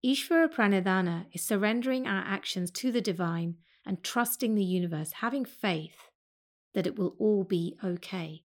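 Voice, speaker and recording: A woman teaching yoga, speaking slowly and calmly as she guides a breath meditation. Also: mid-range voice. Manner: slow, calm and soothing.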